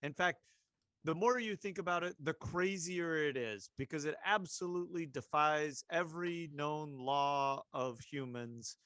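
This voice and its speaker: A man narrating as game master of a tabletop game, stumbling and repeating words as he goes. His voice is a little high, and the recording is dry and close. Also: unhurried, a bit bright, no echo.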